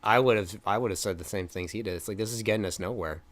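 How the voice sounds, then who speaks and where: Give me a low-pitched young man co-hosting a movie review, chatty and rambling. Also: quick pace. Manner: rambling retelling with many fillers, acting out lines. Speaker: film review podcast co-host. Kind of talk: casual chat.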